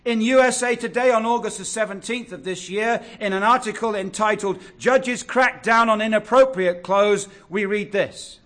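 A man preaching a sermon, earnest and exhortative, drawing out key words slowly. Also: sits high, fairly bright tone. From England.

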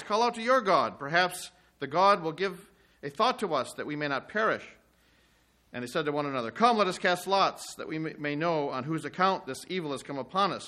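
A man's voice: fairly high pitch, sharp tone. A man preaching a sermon, reading scripture aloud with rising emphasis and explaining it in plain asides.

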